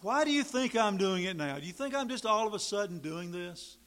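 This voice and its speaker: A man's voice: sits high, animated, fairly quick, a bit bright, voice pushed up. A man voicing a talking she-donkey who argues with her master through indignant, reasoning questions.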